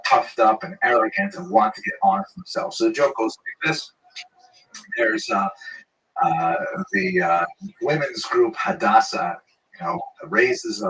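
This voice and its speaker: Bright-voiced rabbi explaining jokes. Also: male voice, medium pitch, far from the mic, rough recording. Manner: explanatory, self-amused, many fillers. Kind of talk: lecture on humor, telling jokes.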